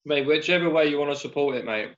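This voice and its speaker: A man's voice: a little high, quick pace. Man, casual podcast chat, laid-back, sweary, slightly dull lo-fi audio. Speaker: podcast guest, football fan.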